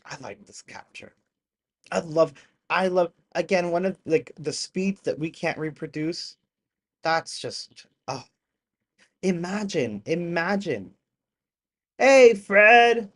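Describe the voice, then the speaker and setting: Live-stream host, casual reaction commentary, mid-pitched voice, excitable with sudden loud outbursts, chatty asides to the chat. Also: takes it slowly, breathy edge. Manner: excitable, bursts into loud exclamations; chatty, apologetic asides to viewers.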